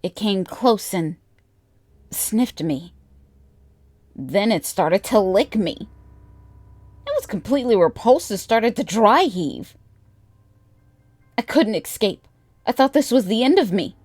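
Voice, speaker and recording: A woman narrating a first-person horror story in a measured, deliberate way. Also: mid-range voice, lively intonation, a little mellow, no echo.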